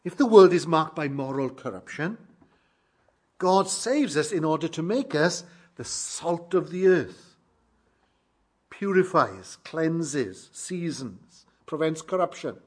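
A man preaching a sermon to his congregation, measured and emphatic, slowing down to stress key phrases. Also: fairly high pitch, animated.

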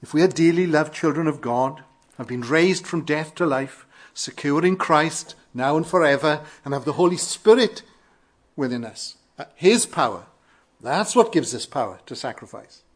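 A man from Wales with a Welsh accent, preaching an earnest sermon with emphatic rises and quiet falls. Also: fairly high pitch, expressive, normal speed. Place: church in London.

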